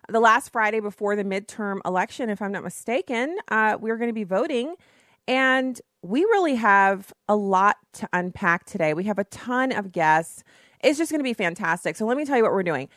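A woman's voice: medium pitch, fairly bright tone, no echo, studio quality. Scratchy-voiced woman talk radio host. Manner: chatty, enthusiastic, with fillers. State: scratchy voice from yelling the day before. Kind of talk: casual talk radio monologue.

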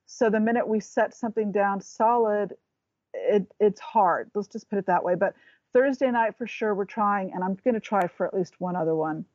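A woman's voice: mid-range voice, moderate pace, darkish tone, no echo, dull audio. A woman talking as a guest in a casual chat, rambling and restarting as she searches for words.

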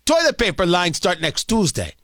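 A talk radio host putting on a mock old-timey Russian accent to play a gruff male breadline clerk who speaks in broken, clipped phrases. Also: high voice, huge pitch swings, normal speed, fairly bright tone, no room sound, studio quality, heavily acted. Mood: curt.

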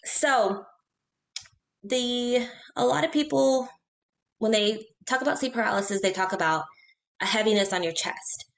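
Woman, casual storytelling chat, animated, quick bursts, even middle pitch. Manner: animated, quick bursts, acts out her own reactions. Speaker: podcast guest telling ghost stories.

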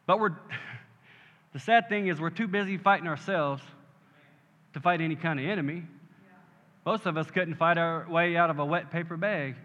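Pausing often at a moderate pace, a man with a slightly high, sharp-toned voice delivers a sermon as pastor. He keeps climbing to emphatic moments and asking the congregation "Amen?" in call-and-response. The church sanctuary recording is muffled and carries long hall reverb.

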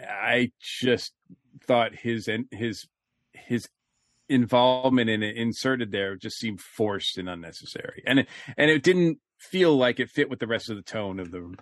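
A man's voice: mid-range voice, a little slow, a bit bright, no echo. Casual rambling man reviewing audio dramas. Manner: rambling, many fillers and restarts. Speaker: podcast co-host.

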